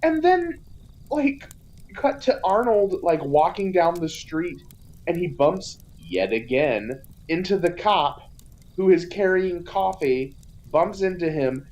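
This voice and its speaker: A woman's voice: on the low side, lively intonation, takes it slowly, darkish tone, rough recording. A woman co-hosting a podcast, casually recapping a film, often saying "like" and swearing freely. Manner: swears freely, peppers talk with "like". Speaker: podcast co-host. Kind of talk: casual movie recap chat.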